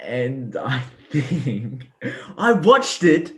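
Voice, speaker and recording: A man's voice: mid-range voice, big pitch swings, extremely slow. A young man co-hosting a casual sports podcast, giggly and playful as he quizzes his friend. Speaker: podcast co-host.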